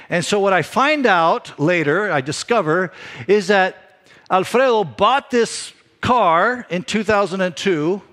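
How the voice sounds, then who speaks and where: A man's voice: high voice, takes it slowly. Man preaching a story-driven sermon. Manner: conversational, animated storytelling with frequent restarts. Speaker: pastor.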